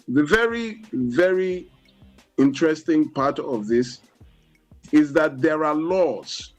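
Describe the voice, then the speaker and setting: A man with a Nigerian English accent speaks as a guest on a studio radio talk show. His voice sits somewhat high for a man, and he explains at a measured pace, leaning on "you know" as he goes. Soft music plays faintly underneath. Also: low-quality recording.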